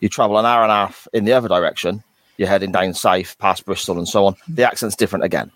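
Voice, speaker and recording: Male co-host, low voice, dry close mic, rambling chat. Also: no echo. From England. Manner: rambling, restarts sentences. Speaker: podcast co-host. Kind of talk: casual podcast chat.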